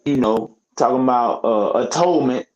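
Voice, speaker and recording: A man's voice: medium pitch, normal speed, darkish tone, highs cut off. A man giving opinionated casual commentary as a podcast host, in a heated, profane, preachy rant full of rhetorical questions. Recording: echoey room.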